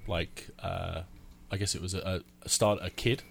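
Low voiced guy, ums and uhs a lot, bit of hiss behind him. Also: fairly even intonation, unhurried, creaky. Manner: hesitant, trailing, lots of fillers. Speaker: media and marketing manager. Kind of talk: casual chat.

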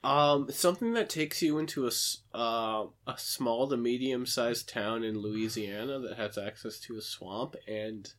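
A man's voice: mid-range voice, fairly bright tone. Man joking through a casual recap. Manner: chatty, joking, quick asides and laughs. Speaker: podcast co-host recapping a film. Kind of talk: casual chat.

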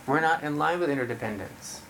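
Meditation teacher, relaxed and chatty, addressing a roomful of people in a dharma talk. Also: mid-range voice, a little fast, slight background noise, poor audio. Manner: relaxed, conversational, laughs easily. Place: room with about thirty people.

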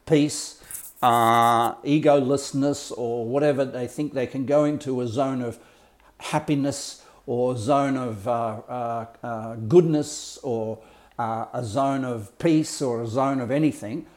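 A man's voice: medium pitch, fairly even intonation, unhurried. A man talking as a life coach, explaining ideas in a blunt, colourful way with swearing and mimicked sounds. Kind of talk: casual explanatory talk.

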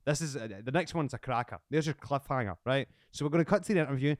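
A man's voice: mid-range voice, no room sound, clean studio sound. A man hosting a podcast, teasing his guest in casual chat. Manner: jokey, teasing, quick asides. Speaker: podcast host.

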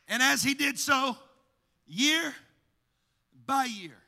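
A male pastor with a high, bright, ringing voice preaches with hammering repetition, swelling into shouted, sing-song runs. His voice carries a long reverb through a church sanctuary. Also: animated, slow pace, vocal fry. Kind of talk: sermon.

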